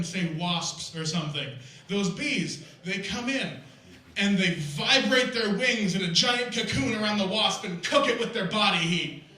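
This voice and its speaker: A man with a high, bright voice performs stand-up on a festival stage, rambling through absurd bits with excitable energy. The sound is echoey and a little distant, caught in a live room. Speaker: stand-up comedian. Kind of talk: stand-up comedy set.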